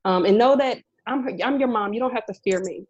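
A young adult woman co-hosting a casual podcast chat, telling animated stories and acting out quoted dialogue. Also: a little high, fast talker, highs cut off. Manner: animated storyteller, acts out quoted dialogue, says "girl" often. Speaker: podcast co-host, chef.

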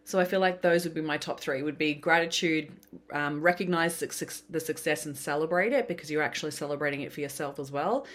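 A woman's voice: low voice, a little fast. A woman, a podcast guest and business coach, chatting casually and acting out the voices in her stories. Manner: animated storytelling, acts out quoted voices. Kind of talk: casual interview chat.

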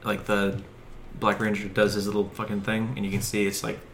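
A man with a lowish voice who explains things plainly and matter-of-factly in casual podcast talk. His voice echoes in a roomy space, with faint ambient noise beneath it. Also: flat delivery, a little fast. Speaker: podcast co-host. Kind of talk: casual chat. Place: outdoors on a summer day.

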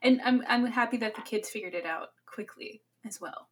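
A young woman co-hosts a relaxed book podcast. She drops short, wry remarks and laughs easily. Her voice sits a touch high. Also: normal speed. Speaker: podcast co-host. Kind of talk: casual book discussion.

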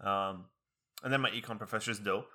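A young man and college student chatting casually, rambling with many fillers and slipping into high impressions of other people. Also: sharp tone. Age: young adult. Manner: quick, many fillers and restarts. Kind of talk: casual chat.

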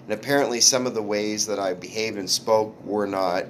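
Male comedian host, low voice, halting anecdotal delivery with swearing. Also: slight background noise. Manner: halting storyteller with restarts and swearing. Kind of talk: casual podcast chat.

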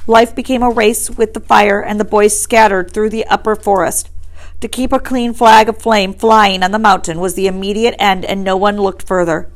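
A woman teacher reads a novel aloud to her students in a steady, mid-pitched voice. She breaks off now and then to quiz the class before reading on. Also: moderate pace. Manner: stops to quiz listeners.

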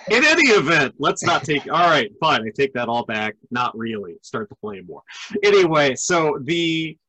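A man's voice: fairly high pitch, sing-song, unhurried, pushed and bright, no room sound, rough recording. A middle-aged man hosting a podcast, chatting casually in a joking manner. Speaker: podcast host. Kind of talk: casual chat.

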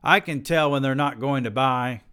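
A man doing a gruff, barking bookseller. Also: mid-range voice, moderate pace, sharp tone, pitched above the performer's own voice, close to an everyday voice. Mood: brusque. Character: gruff male bookstore owner, impatient and brusque.

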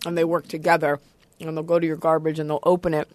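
A woman comedian guest chatting casually on a podcast, teasing with wry, deadpan jokes. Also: low-pitched, fast, dry recording. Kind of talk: casual chat.

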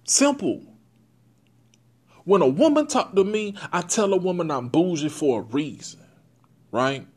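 A young man hosting his own podcast, talking bluntly and profanely in a casual, animated monologue. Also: sits high, a little slow, pauses often. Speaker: podcast host.

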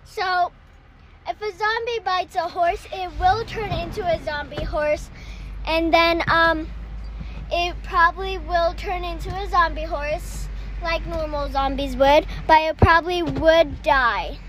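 A man voicing a soft-spoken young woman guest who explains things hesitantly. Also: very high voice, fairly even intonation, unhurried, slight background noise, voice pushed up, exaggerated voice.

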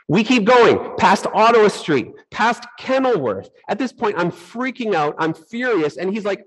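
A man's voice: sits high, moderate pace, hardly any pauses, breathy edge, rough recording. A middle-aged man preaching a sermon, telling personal stories and acting out his own reactions. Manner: animated storytelling, acts out his own reactions. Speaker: pastor.

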